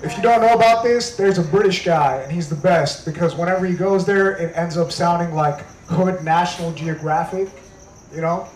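A man performing a stand-up comedy set on a club stage, telling jokes in a conversational way with deadpan punchlines. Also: a little high, moderate pace, echoey room, poor audio.

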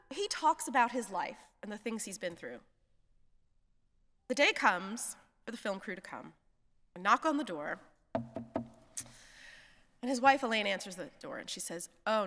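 A woman hospice chaplain telling a story from the pulpit, acting out each person's lines in an animated way and laughing often. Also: on the high side. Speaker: hospice chaplain, guest preacher. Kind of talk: storytelling sermon. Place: church sanctuary. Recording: long church reverb.

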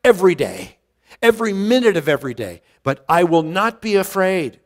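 A man's voice: high voice, very animated, moderate pace, long reverb tail. A male pastor teaching a verse-by-verse Bible study in an earnest way, often restarting words and stressing key phrases.

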